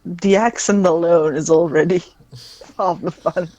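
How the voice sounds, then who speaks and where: A young adult player chats casually on a stream in a middle-range voice. Playful and quick to laugh. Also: mid-range voice, steady tone, darkish tone. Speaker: guest player.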